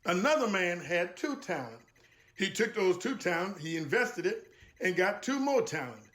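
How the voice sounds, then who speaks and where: A man delivers a motivational talk. He speaks in a preacherly, emphatic way, circling back to key phrases and slowing down to stress them. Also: sits high, big pitch swings, fairly bright tone. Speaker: guest speaker.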